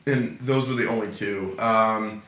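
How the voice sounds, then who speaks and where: A man's voice: lowish voice, steady tone, measured pace, fairly bright tone, echoey room. A man co-hosting a podcast, casually reviewing a TV series with lots of fillers and frequent laughter. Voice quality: laughs often, many fillers. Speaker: podcast co-host.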